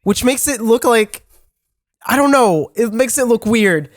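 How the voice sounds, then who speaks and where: A man's voice: very high voice, expressive, no echo, studio quality. A man telling a story on a casual podcast, stumbling over restarts and swearing often. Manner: halting, with many restarts and heavy swearing. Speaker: podcast co-host.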